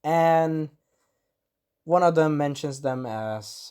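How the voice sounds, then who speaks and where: A man recaps an anime episode as a reviewer, speaking a little slowly in a fairly high, slightly mellow voice. His storytelling is loose and rambling, and he acts out bits of the dialogue.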